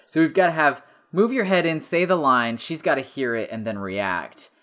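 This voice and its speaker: A man's voice: on the high side, lively intonation, moderate pace, fairly bright tone. A man co-hosting a casual movie commentary podcast, rambling and laughing often as he talks. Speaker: podcast co-host.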